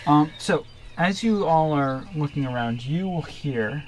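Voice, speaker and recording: A man narrating as game master, pausing often with fillers. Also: fairly high pitch, lively intonation. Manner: halting, filler-heavy narration. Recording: noisy room.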